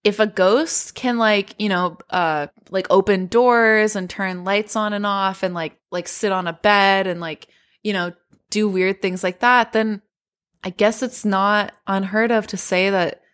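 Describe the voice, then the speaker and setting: A woman's voice: medium pitch, steady tone, unhurried, a bit bright. A woman co-hosting a casual chat show, laughing often and restarting her sentences as she thinks aloud. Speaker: podcast co-host.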